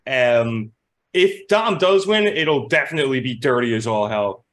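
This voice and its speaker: A man co-hosting a casual podcast, animated and quick to laugh, swearing casually. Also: mid-range voice. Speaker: podcast co-host. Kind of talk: casual chat.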